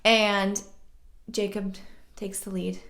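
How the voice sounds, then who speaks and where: A woman's voice: mid-range voice, level tone, slow pace, a bit bright. A woman casually retelling a Bible story, chatty and slangy, with joking asides. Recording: roomy echo.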